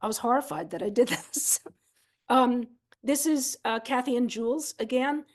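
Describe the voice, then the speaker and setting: A woman's voice: on the high side, normal speed, a little mellow. A woman instructor giving a conversational seminar talk, walking through video clips in an explanatory, candid, self-deprecating way with casual fillers.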